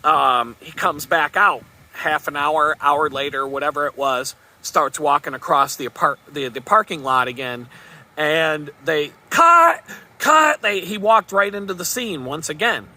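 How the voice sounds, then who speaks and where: Chatty man with a sharp, bright voice. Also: fairly high pitch, moderate pace, hardly any pauses. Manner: chatty, rambling, chuckles at own story. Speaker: vlogger. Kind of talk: casual storytelling monologue.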